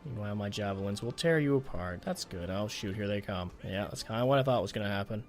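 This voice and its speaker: Low-voiced man commenting on gameplay. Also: lively intonation, fast talker. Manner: thinking aloud, grows exasperated and swears at the game. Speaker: gaming channel host. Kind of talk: let's play commentary.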